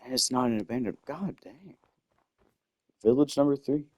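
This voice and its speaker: A young man tells a personal story casually while gaming, fast-talking in a mid-range, darkish voice with fairly even intonation. He rambles and breaks off often to comment on his finds, recorded on a desktop microphone with no echo.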